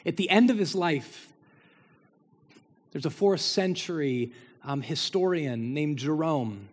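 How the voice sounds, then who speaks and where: Pastor preaching in a reverberant sanctuary. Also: male voice, a little high, expressive, slow pace, husky. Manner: preaching with swelling emphasis and repeated phrases. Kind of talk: sermon. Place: church sanctuary. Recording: long hall reverb.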